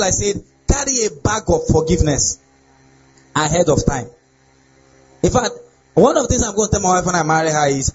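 A young adult man, a pastor, preaching a lively sermon on relationships and often asking his listeners if they get the point. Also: high voice, normal speed, pauses often, slight background noise. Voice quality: animated preaching with laughs and repeated rhetorical questions. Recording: dull lo-fi sound with faint ambience.

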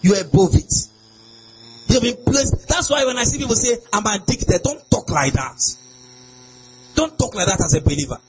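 A high, lively male voice, delivering a sing-song sermon. He swings from soft, drawn-out phrases to sudden shouts. A faint mains hum sits under the recording. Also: rough recording. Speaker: preacher.

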